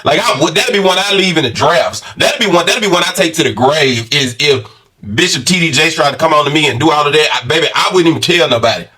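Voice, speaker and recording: Reaction host, man, playful and joking, higher voice, set back from the mic. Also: fast, husky, distant mic. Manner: loud, joking, playful gossip with slang. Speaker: commentary channel host. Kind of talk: casual reaction commentary.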